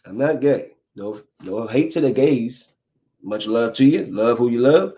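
Animated man doing comic rants. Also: medium pitch, measured pace. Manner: animated, incredulous rhetorical questions. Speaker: comedian. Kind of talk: stand-up style comic monologue.

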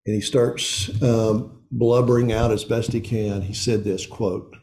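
A middle-aged man speaking to a men's group in an earnest, confessional way, often slowing down and pausing on emotional points. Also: fairly low pitch, steady tone, a little mellow. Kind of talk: heartfelt talk to a men's group.

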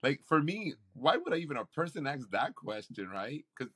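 A man's voice: mid-range voice, sing-song, normal speed, fairly bright tone, slightly rough. A man, a campus pastor, telling a faith story in an interview with an earnest, preacherly delivery. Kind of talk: interview testimony.

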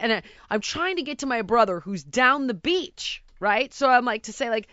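Animated bright-voiced woman telling a story. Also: on the high side, normal speed, few pauses, no echo, lo-fi sound. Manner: animated and exasperated, acting out sounds and voices. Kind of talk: storytelling in casual chat.

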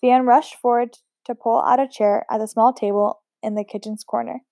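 Woman reading a novel aloud, mellow. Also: on the high side, fairly even intonation, moderate pace, vocal fry, dry recording. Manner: unpolished, with slips and restarts. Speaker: amateur reader.

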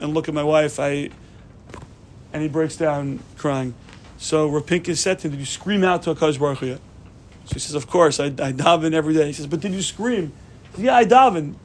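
A man with a fairly high voice teaches a Torah class, weaving stories into the lesson. He tells them in an animated way, often restarting his sentences and slipping Hebrew terms into his English. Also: a little hiss or hum.

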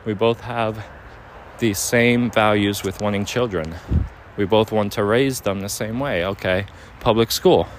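A man's voice: fairly low pitch, unhurried, a little hiss or hum. A young man making an earnest, rambling, hesitant apology to his partner, recorded outdoors. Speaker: boyfriend addressing his partner. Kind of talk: heartfelt apology monologue. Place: outdoors near overhead air traffic.

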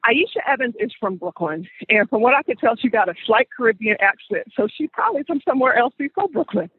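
A man's voice: very high voice, expressive, fast talker, slightly rough, no room sound. A man hosting a podcast, telling a story in a conversational way and repeating phrases for emphasis. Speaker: podcast host. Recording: dry, phone-like sound.

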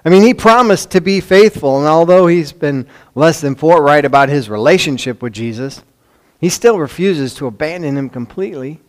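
A man with a Chicago accent preaching a sermon, swinging from loud emphasis to hushed lines, with conversational asides and rhetorical questions. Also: a little high, normal speed. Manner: dramatic swings between loud emphasis and hushed near-whispers. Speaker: pastor.

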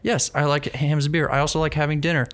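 A man co-hosting a podcast in casual chat, with vocal fry and a rambling, self-mocking sarcastic manner. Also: on the high side, flat delivery, fast, fairly bright tone. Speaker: podcast co-host.

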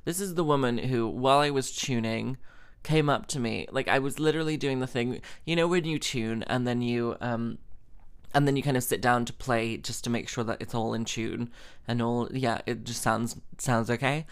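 A man's voice: medium pitch, moderate pace, smooth. A young man hosting a casual solo podcast, rambling and swearing freely with lots of fillers. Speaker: podcast host and musician.

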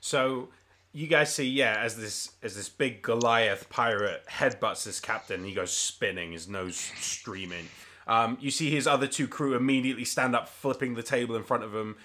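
A man's voice: medium pitch, moderate pace, pushed and bright, slight background noise. A man narrating a tabletop game as game master, casual and full of ums and swearing.

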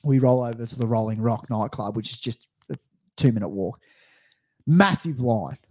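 Young australian man, mellow voice, rambling sweary storyteller. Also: medium pitch, moderate pace, husky. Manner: rambling, swears freely, acts out quotes. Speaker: podcast co-host. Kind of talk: casual storytelling chat.

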